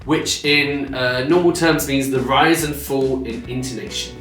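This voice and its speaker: A man teaching about accents in a relaxed chat, explaining clearly and checking in with "right?". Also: mid-range voice, measured pace. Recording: roomy echo with faint guitar music.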